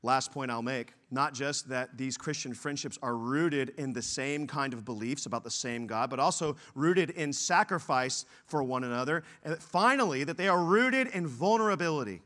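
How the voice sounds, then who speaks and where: A man's voice: mid-range voice, normal speed, few pauses, fairly bright tone. A man preaching a sermon, telling stories and stressing his points with force. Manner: storytelling, emphatic, says y'all. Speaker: pastor.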